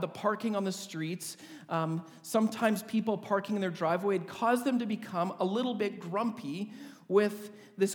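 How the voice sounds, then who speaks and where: High-voiced man telling a funny story. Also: big-room sound. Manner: humorous, vivid storyteller. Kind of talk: storytelling sermon.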